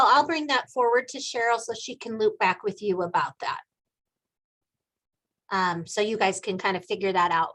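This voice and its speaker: A woman's voice: mid-range voice, a bit bright. A woman from Montana leading an online meeting, talking in a chatty, folksy way and laughing often. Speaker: meeting facilitator.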